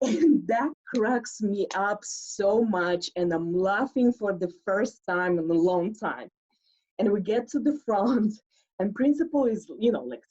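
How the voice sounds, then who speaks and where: A woman's voice: mid-range voice, warm tone, lo-fi sound. A woman telling a personal story live, chatty and full of "like", acting out the people she quotes.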